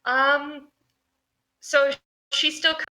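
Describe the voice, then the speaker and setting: A woman's voice: sits high, flat delivery, drawn-out words, pushed and bright. A woman playing a tabletop game, speaking hesitantly with many fillers. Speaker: player. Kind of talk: tabletop role-play.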